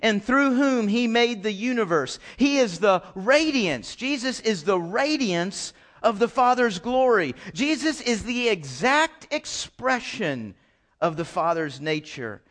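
A man's voice: sits high, very animated, slow, fairly bright tone. A pastor preaching a sermon to his congregation, emphatic and repetitive, calling them folks.

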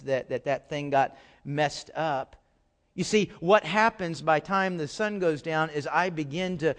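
Man, middle-aged, pastor, sermon, high-pitched, emphatic, repeats words for stress. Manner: swings from loud emphatic outbursts to low quiet asides; repeats words and restarts when stressing a point.

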